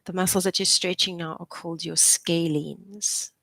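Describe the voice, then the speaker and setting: A woman's voice: fairly low pitch, steady tone, normal speed, gravelly, a bit bright, dry recording. A young adult woman, a physiotherapist, leading a live posture class with encouraging, chatty cues and frequent laughs. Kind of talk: live exercise class instruction.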